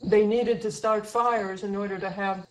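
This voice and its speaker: A woman co-hosting an online seminar, briskly reading audience questions aloud to the speaker. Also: medium pitch, fairly even intonation, a little mellow, reverberant, low-quality recording.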